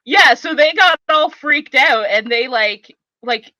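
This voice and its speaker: A woman hosting a podcast, telling an animated, profane story in casual chat. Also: high-pitched, slow pace, dry recording, highs cut off. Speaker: podcast host.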